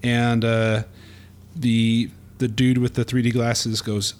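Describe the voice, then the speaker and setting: Playful man narrating a comic aloud. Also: medium pitch. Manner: playful, chuckling, halting with fillers. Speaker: podcast co-host. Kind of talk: casual chat, reading a comic aloud.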